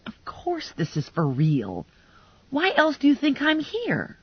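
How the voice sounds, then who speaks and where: A woman reading an audiobook, voicing a frazzled young woman bounty hunter who turns shrill and self-mocking. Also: huge pitch swings, a little slow, dry recording, heavily acted. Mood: indignant. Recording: dull lo-fi dry recording.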